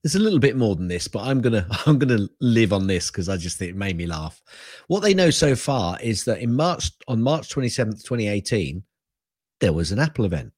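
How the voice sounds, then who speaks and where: An older man chatting on a tech podcast in a husky voice that rises and falls a lot. He sounds wry and likes a rant, laughing as he goes. His mic sounds close and dry. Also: lowish voice, big pitch swings, a little fast, a little mellow, no echo. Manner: wry, ranting, laughs often. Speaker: podcast co-host. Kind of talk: casual tech podcast chat.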